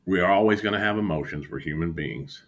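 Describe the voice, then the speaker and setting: Talking to camera from a room at home with an exercise bike, a male futures day-trading vlogger reflects openly and self-critically on his losses. He speaks quickly in a low-pitched voice.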